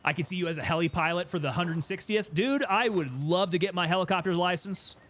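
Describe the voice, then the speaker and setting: A game streamer talks his way through a tactical shooter in casual, joking commentary. His voice sits slightly high for a man, and a faint hiss lies under it. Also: a little fast, a bit bright. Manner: chatty, joking, self-amused.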